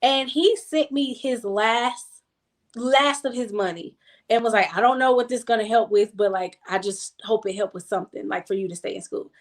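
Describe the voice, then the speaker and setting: A woman's voice: on the high side, moderate pace. A young adult woman in a casual group chat, telling a personal story emphatically and repeating words for stress. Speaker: guest.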